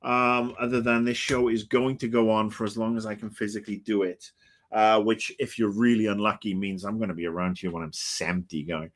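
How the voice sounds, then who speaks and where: Man, fifties, low voice, rambling, grumpy, swears a lot, casual stream chat. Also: steady tone, fast, fairly bright tone. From Britain. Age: 50s. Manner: rambling, grumpy and profane, with many fillers. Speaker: livestream host.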